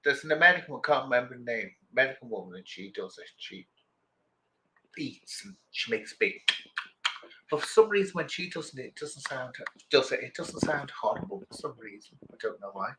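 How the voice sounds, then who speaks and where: A man's voice: medium pitch, lively intonation, normal speed, background noise. A middle-aged man, chatting casually with viewers on a livestream and rambling from one thought to the next. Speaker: livestream host.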